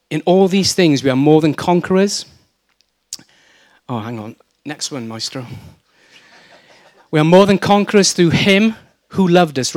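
This is a slightly high male voice recorded with no room sound. The speaker is a middle-aged Welshman from South Wales giving a sermon, spinning stories with plenty of humor and impersonation in a lively way.

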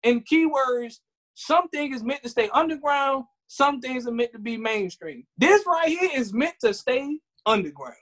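A woman co-hosting a podcast, full of animated storytelling. She slips into other people's voices to act out everyday scenes, then returns to her casual chat. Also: high voice, measured pace. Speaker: podcast co-host.

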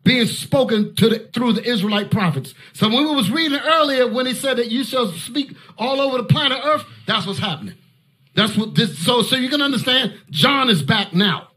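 Fiery high-voiced male preacher. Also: animated, normal speed. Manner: forceful, shouting outbursts, commanding. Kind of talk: fiery street-style Bible teaching.

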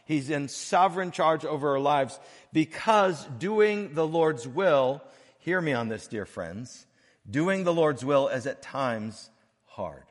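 A man's voice: a little high, animated. Earnest male pastor preaching in reverb. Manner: earnest, with phrases broken by pauses and swings between soft and loud. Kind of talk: sermon. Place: church sanctuary.

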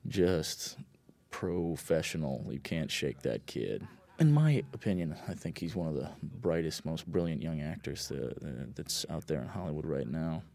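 A film director talks casually over his own movie in a relaxed, rambling way. His voice is very low, and he fills it with "you know" and "uh" and blunt opinions. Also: moderate pace, no echo. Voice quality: rambling, lots of fillers, laid-back and blunt. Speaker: film director giving commentary.

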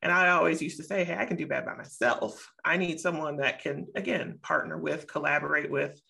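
A middle-aged woman co-hosting a casual panel discussion, making measured, reasoned points and repeating them for emphasis. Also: low voice, creaky, bright, forceful tone. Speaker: co-host.

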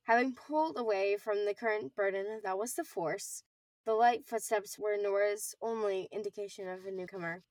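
A teenage girl narrating a fan-written novel in a steady, lightly expressive way. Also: mid-range voice, normal speed, no echo, far from the mic. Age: teens. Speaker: co-author and narrator. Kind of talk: amateur audiobook narration.

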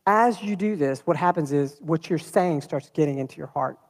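A man preaching a sermon in a church, talking in a lively, conversational way and throwing rhetorical questions at the congregation. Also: a little high, normal speed, in a large hall. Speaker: pastor.

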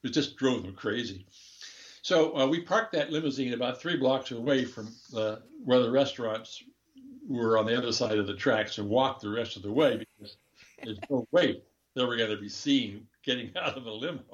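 In a casual interview, a former diplomat, now an older man, wanders through a frank anecdote at normal speed, with chuckles and self-corrections. His mid-range voice comes through a lo-fi recording.

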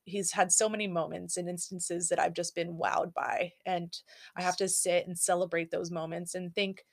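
A woman's voice: on the low side, flat delivery, normal speed, creaky. A young adult woman co-hosting a casual talk show, reading out lessons and reflecting in an earnest, storytelling way. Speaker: podcast co-host.

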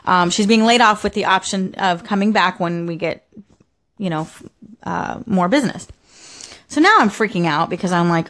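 A woman's voice: lowish voice, moderate pace, fairly bright tone. A young adult woman vlogging casually about her day, rambling with lots of fillers and restarts. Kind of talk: casual personal storytelling.

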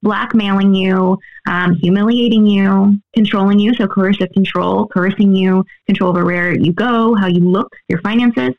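Brief: earnest expert woman, gravelly edge, dull lo-fi sound. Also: mid-range voice, fairly even intonation, normal speed, hardly any pauses. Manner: earnest, explanatory, often adds "right?". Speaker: guest expert. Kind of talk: interview answers.

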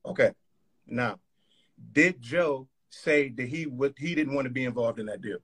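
A man in a heated argument on a live call, staying calm while pressing pointed questions. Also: mid-range voice, moderate pace, slightly rough.

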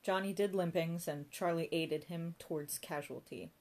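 Female audiobook narrator, low voice, dry comic read. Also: steady tone, moderate pace, a little mellow. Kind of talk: scripted narration.

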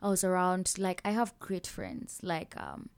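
A woman's voice: fairly low pitch, very animated, unhurried, clean tone. Young Kenyan woman sharing personal stories. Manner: open, personal, laughs while telling stories. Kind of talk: casual chat.

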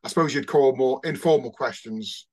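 A man's voice: mid-range voice, normal speed, a little mellow. A man hosting an interview, asking casual questions with many hesitant fillers. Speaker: interviewer, host.

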